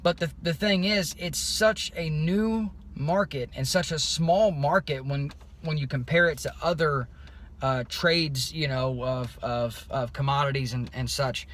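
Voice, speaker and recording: A man giving a casual, rambling video update, loose and unscripted, with many pauses and restarts. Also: fairly high pitch, fairly bright tone. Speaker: crypto vlogger.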